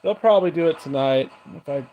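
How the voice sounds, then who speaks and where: A man talks casually to unseen spirits, coaxing them with one question after another. His voice sits a little high for a man. A clear hiss of noise runs under everything. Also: brisk, muffled recording. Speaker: paranormal investigator. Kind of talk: casual ghost box session talk. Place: house, indoors.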